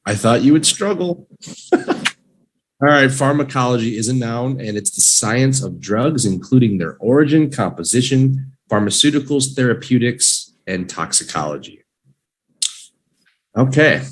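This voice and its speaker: A man teaching English vocabulary in a live online lesson, drilling each word slowly and cheering learners on playfully. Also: medium pitch, expressive, a little hiss or hum, rough recording.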